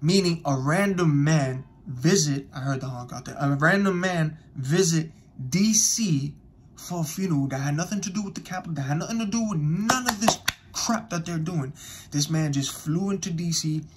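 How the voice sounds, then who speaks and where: A man's voice: a little high, lively intonation, moderate pace, a little hiss or hum. Emphatic man preaching to his viewers. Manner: emphatic, repetitive, addresses audience directly. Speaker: commentator. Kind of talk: impassioned online commentary.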